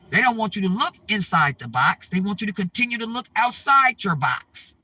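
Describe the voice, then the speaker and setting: High bright-voiced man preaching to viewers. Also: very animated, moderate pace, distant mic. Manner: repetitive, urgent, keeps checking in with "okay?". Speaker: spiritual advice channel host. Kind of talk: preachy spiritual monologue to viewers.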